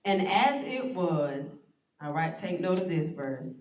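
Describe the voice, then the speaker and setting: A woman leading a church Bible study, reading verses slowly and stressing words, with frequent "all right" checks to the class. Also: lowish voice, very animated, darkish tone. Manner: slow, drawn-out scripture reading with stressed words. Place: church room. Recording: roomy echo, distant mic.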